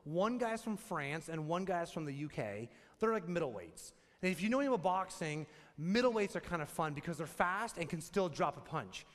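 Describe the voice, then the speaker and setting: A man preaching a sermon as the pastor, telling a story in an animated, humorous way. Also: on the high side, a little fast, hardly any pauses, in a large hall.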